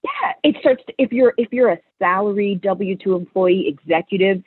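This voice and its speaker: A woman's voice: medium pitch, normal speed, slightly rough, no room sound. Candid woman guest over a tinny line. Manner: candid, animated storytelling. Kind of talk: casual interview chat. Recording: tinny phone-like line, dry.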